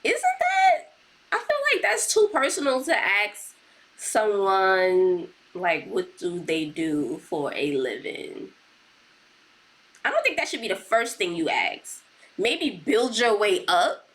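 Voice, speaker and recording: A woman's voice: mid-range voice, sing-song, slow, fairly bright tone. A woman hosting a reaction video, chatting casually and laughing often.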